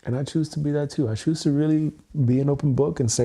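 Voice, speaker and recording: Looking into his camera during a solo livestream about EFT tapping, this content creator speaks fast with few pauses, his voice a little high, steady, mellow and husky through a webcam mic. Earnest and emotional, he swears freely and repeats himself while processing his feelings.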